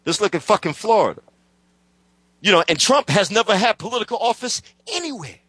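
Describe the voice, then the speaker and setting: A man's voice: sits high, big pitch swings, fairly quick, fairly bright tone, husky, dry recording. A man in casual political chat, ranting heatedly and swearing constantly.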